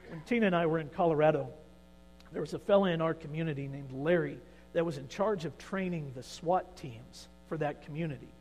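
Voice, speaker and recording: A man preaching a sermon who retells a scripture story, swinging between quiet asides and emphatic, vivid storytelling. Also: on the high side, brisk, long reverb tail, soft background music, low-quality recording. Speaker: pastor.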